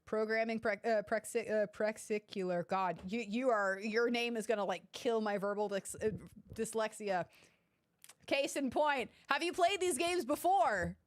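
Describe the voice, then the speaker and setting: A woman's voice: fairly high pitch, moderate pace, no room sound, studio quality. A woman casually commenting through a game playthrough, chatty, giggly and self-deprecating. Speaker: gaming streamer.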